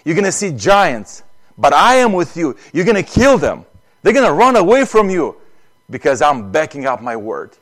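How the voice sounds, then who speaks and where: A man's voice: on the high side, big pitch swings, normal speed, fairly bright tone. Man doing a commanding, reassuring divine voice. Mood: assuring.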